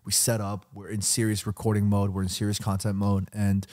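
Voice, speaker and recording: A man's voice: fairly low pitch, monotone, fairly quick, a little mellow. A young man co-hosting a podcast in casual chat, playful and teasing, laughing often. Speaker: podcast co-host.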